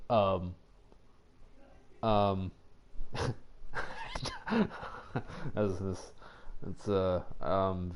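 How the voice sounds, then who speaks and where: A man's voice: low voice, completely flat delivery, very slow, long pauses, clean tone. A man chatting casually on a live game stream, joking crudely and reading chat aloud with plenty of ums. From Canada. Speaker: co-op streaming partner.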